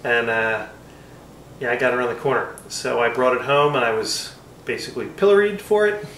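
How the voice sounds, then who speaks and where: A man's voice: mid-range voice, a little fast, a bit bright, reverberant, recorded from a distance, a little hiss or hum, poor audio. A man reviewing whiskey in casual chat, rambling and self-deprecating with frequent fillers.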